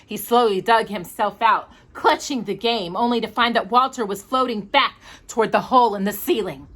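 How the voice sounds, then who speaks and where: A woman reading a picture book aloud as a storyteller, with an expressive, animated delivery. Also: a little high, normal speed.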